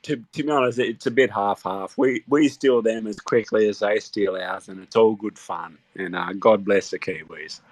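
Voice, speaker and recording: A man's voice: fairly low pitch, normal speed, hardly any pauses, no echo. An Australian man in casual podcast banter, boisterous and profane, chanting patriotic slogans.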